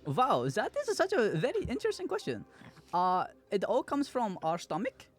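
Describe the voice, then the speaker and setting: Greedy giant who eats kids, sweetly polite, played by a man, high and lilting. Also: huge pitch swings, moderate pace. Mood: gushing. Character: huge hungry child-eating giant, cheery and greedy.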